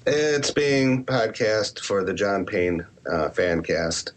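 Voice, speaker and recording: A man who writes horror and hosts a podcast answers interview questions candidly and at rambling length, tossing in self-deprecating asides. His voice sits on the low side, expressive, with a slow pace.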